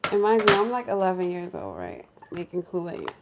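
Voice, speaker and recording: A woman from New York, a lifestyle vlogger, telling a story in casual chat in her home kitchen, animated and laughing, acting out other people's voices. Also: fairly low pitch, a little fast, heavy background noise. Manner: animated, laughing, acts out crying voices in quotes.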